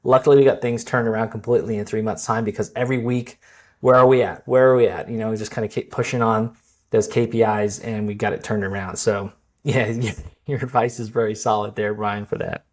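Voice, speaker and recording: A man's voice: fairly low pitch, fairly even intonation, a little fast. Casual man hosting a podcast. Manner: casual, rambling questions with fillers. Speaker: podcast host. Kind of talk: conversational interview.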